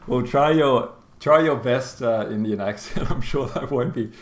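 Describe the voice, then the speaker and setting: A man's voice: medium pitch, moderate pace, a little hiss or hum. An Australian man hosting a game tournament stream, chatty and rambling, laughing often and full of fillers. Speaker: tournament caster and stream host. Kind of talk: casual live-stream chat. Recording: roomy echo.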